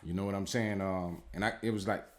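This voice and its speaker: A man's voice: deep voice, steady tone, brisk. A man in a casual spiritual advice talk as a tarot reader, blunt and heavily profane, rambling and repeating himself with lots of fillers.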